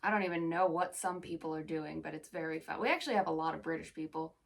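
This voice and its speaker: A woman's voice: sits low, quick pace, gravelly, recorded from a distance. A young American woman with a standard American accent, chatting casually in a vlog with rambling, self-deprecating asides. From United States. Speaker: actor.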